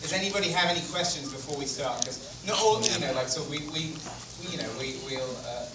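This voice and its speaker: A man's voice: on the high side, expressive, fast, heavy background noise. A man hosting a live stage Q&A, stammering and laughing as he talks. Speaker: event host on stage. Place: dark movie theater on stage. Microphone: handheld mic, heard from audience camera. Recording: far echoey theater, loud crowd.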